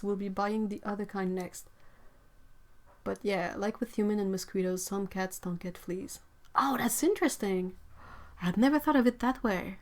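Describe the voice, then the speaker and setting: A woman's voice: mid-range voice, dark tone. A young woman, hosting a casual livestream, chatting and reading out viewer comments with lots of exclamations and laughs. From Quebec, Canada. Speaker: livestream host.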